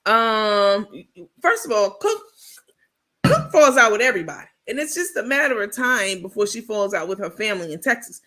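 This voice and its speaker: A woman's voice: medium pitch, fairly bright tone. Sassy, blunt woman dishing gossip. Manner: sassy, blunt, profane, rambling. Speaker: host of a reality TV gossip stream. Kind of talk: casual commentary chat.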